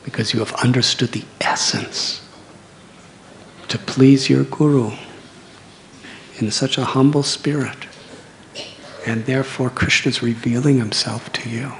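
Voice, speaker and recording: A man in his sixties voicing a gentle, compassionate divine saint, calm and reassuring. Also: medium pitch, measured pace, gravelly, pauses often, a little hiss or hum. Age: 60s.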